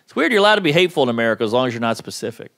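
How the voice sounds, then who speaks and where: A man performing a stand-up comedy set, with punchy joke delivery that jumps into high-pitched character voices. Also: very animated, racing, a crowd in the background, background noise.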